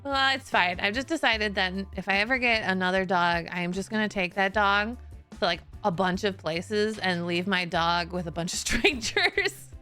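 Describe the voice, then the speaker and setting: A woman chats loosely with her stream audience, trailing off into fillers and breaking into laughter between thoughts. Her voice is bright and forceful. Faint music plays behind her. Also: medium pitch, animated, moderate pace, clear, resonant tone. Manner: chatty and storytelling, laughs often, many "like" fillers. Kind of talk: casual chat.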